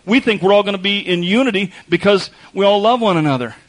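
A male pastor preaching to his congregation in an easygoing, talk-like manner. His voice sits a little higher than most men's, and he doubles back on phrases to drive them home, sometimes rising in excitement and sometimes dropping low and quiet. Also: quick pace, poor audio. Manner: conversational preaching with repeated phrases and wry asides. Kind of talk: sermon.

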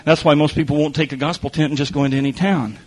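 A man with a high voice delivers a sermon from the pulpit. He swings between loud emphasis and hushed, low asides. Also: steady tone, quick pace, poor audio. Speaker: preacher.

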